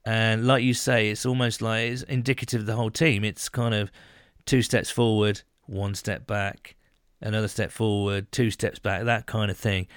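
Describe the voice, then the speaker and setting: Low-voiced man chatting football. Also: level tone, normal speed, smooth, dry recording, studio quality. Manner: rambling, many fillers and restarts. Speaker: podcast co-host. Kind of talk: casual sports chat.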